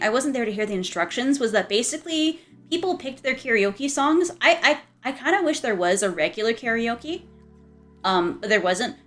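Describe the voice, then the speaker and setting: A woman's voice: on the high side, a bit bright. Giggly rambling young woman streamer. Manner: giggly, rambling, frequent laughter and restarts. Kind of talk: casual chat.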